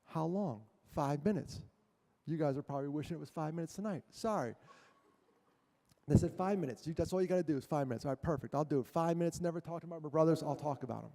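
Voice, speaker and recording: A male guest speaker telling a personal story to a church audience, animated and self-mocking, with jokes between the serious parts. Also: fairly high pitch, quick pace. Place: church hall. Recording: long hall reverb.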